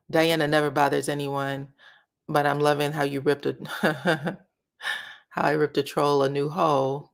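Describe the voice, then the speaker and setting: A woman's voice: sits low, gravelly. A woman hosting a casual reality-show commentary, chatting and reading viewer comments aloud. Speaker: commentary channel host.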